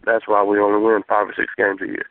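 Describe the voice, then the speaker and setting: Low, gravelly man on a phone line. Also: completely flat delivery, quick pace, a little hiss or hum. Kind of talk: recorded fan call-in.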